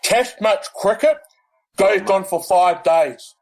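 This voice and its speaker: Man, high voice, storytelling panelist, casual roundtable chat. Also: slow, creaky, rough recording. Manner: anecdotal storyteller, lively. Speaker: podcast panelist.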